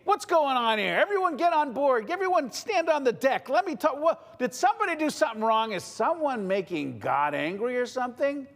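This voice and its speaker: A man's voice: extremely high pitch, very animated, a little fast, hardly any pauses, in a large hall, pitched above the performer's own voice, heavily acted. A man voicing a bossy ship captain barking orders at his crew, in a storytelling service. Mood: demanding. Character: bossy ship captain, male adult, demanding.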